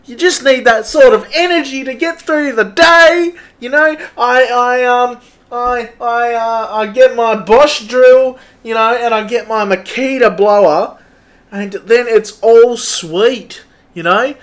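A man voicing an excitable, cheerful young Australian tradesman who rambles loudly and stammers with an Australian accent. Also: very high voice, takes it slowly, voice pushed up, exaggerated voice. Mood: hyped. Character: hyped, cheerful young Aussie tradie bloke. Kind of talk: improvised comedy character.

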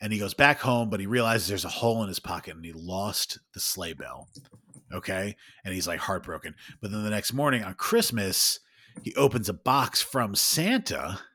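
A man in his thirties co-hosting a podcast, telling an animated, swearing story with lots of laughs. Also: on the low side, normal speed, breathy edge. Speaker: podcast co-host. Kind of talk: casual chat.

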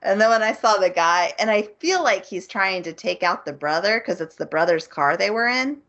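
A woman co-hosting a podcast, recapping a show's plot in a casual, animated way and acting out the characters' lines. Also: mid-range voice, normal speed. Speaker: podcast co-host. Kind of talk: casual chat. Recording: muffled lo-fi audio.

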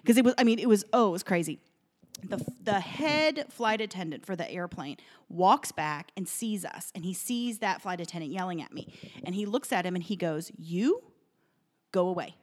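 A woman co-hosting a podcast, telling a personal story in casual chat at a kitchen table, animated and emotional, with plenty of fillers. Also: mid-range voice, moderate pace. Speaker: podcast co-host.

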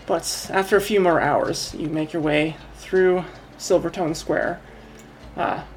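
A woman's voice: fairly low pitch, takes it slowly, a little hiss or hum. Rambling woman game master. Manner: rambling, self-correcting narration. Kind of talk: narrating a tabletop game.

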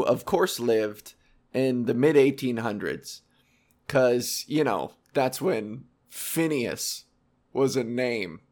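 A young man hosting a casual explainer monologue, rambling and sarcastic, with profane asides. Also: medium pitch. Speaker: video host.

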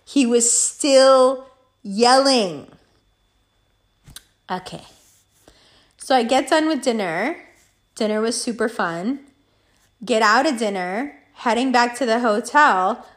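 A woman's voice: on the high side, a little slow, long pauses. A young woman telling a story to her viewers in a casual, profane monologue, acting out both sides of an argument. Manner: profane, animated, acts out both sides of a quarrel.

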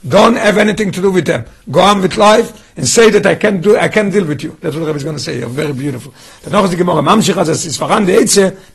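A man leads a Torah study class in a high, husky voice. He keeps asking his listeners questions and starts phrases over as he works through the text. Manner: questioning, restarts phrases, quizzes students. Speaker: teacher.

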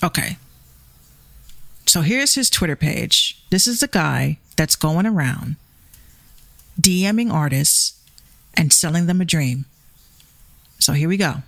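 A woman's voice: sits low, lively intonation, slow pace, long pauses, fairly bright tone, dry recording. A woman with a Bronx accent hosting her show, ranting with heated, profane, confrontational energy. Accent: Bronx New York. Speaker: show host. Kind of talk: ranting commentary vlog.

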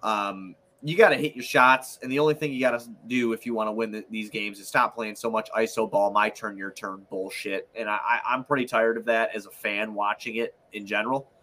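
Bright-voiced man venting profanely. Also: fairly low pitch, a little fast, hardly any pauses. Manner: profane, self-deprecating, animated venting. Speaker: sports podcast host. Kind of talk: casual sports chat.

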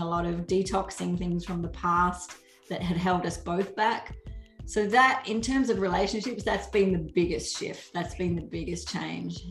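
A middle-aged woman, a podcast guest, telling a personal story in a warm, earnest way and often acting out what people said. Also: on the low side, creaky, reverberant. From Australia. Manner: warm, earnest, laughs often, acts out quoted speech. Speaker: guest author. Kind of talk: casual storytelling in a podcast interview.

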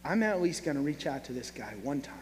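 A man preaching a sermon, telling a story with lively acted-out voices. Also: on the high side, fast. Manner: animated storyteller, acts out quoted voices. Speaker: pastor. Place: church hall. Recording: reverberant hall, faint hum.

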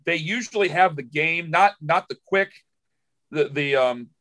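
Emotional, rambling sports radio host. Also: male voice, fairly high pitch, unhurried, a bit bright. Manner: emotional, rambling storyteller with many restarts. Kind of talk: casual podcast conversation.

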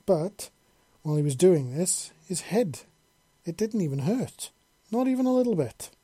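A man narrating a fiction chapter aloud in a steady storytelling manner. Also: high voice, normal speed, breathy edge, no echo.

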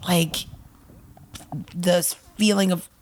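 A woman's voice: on the low side, level tone, slow pace, a little mellow, a little hiss or hum. A woman co-hosting a podcast in casual chat, talking reflectively and hesitantly with many fillers while she asks questions. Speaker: podcast co-host.

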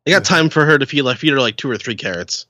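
A man on a podcast chimes in with quick comments and stumbling restarts, in a casual chatty tone. His voice sits at an average pitch, and the recording is dry, with no room sound. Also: lively intonation, pushed and bright, no room sound. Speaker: podcast co-host. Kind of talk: casual chat.

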